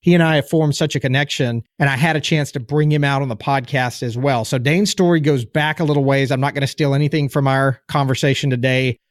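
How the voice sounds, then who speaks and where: A man's voice: medium pitch, steady tone, brisk, hardly any pauses, no echo, clean studio sound. A man hosting a podcast, upbeat and enthusiastic, talking emphatically to his listeners. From United States. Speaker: podcast host. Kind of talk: podcast intro and interview.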